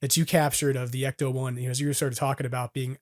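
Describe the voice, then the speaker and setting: A man's voice: medium pitch, little pitch movement, fast. A man hosting a casual podcast chat, playful and joking, riffing on ideas with lots of "like" and "right". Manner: playful, joking, riffs on ideas with many fillers. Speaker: podcast host.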